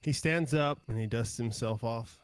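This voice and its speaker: A man's voice: mid-range voice, moderate pace, smooth, no room sound. A man narrating as game master in a casual, descriptive way.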